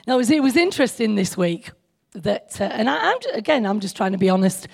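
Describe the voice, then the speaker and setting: A woman's voice: mid-range voice, big pitch swings, fast talker, creaky, a little mellow, husky. A woman giving an informal, chatty sermon, joking with her listeners and teasing herself. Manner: chatty, joking, self-deprecating, speaks to the audience directly. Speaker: speaker at a church meeting.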